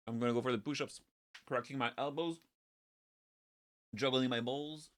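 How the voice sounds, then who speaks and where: A man's voice: medium pitch, sharp tone, no echo. A man who works as a teacher, chatting casually and profanely with viewers on a live stream while he works, rambling from topic to topic.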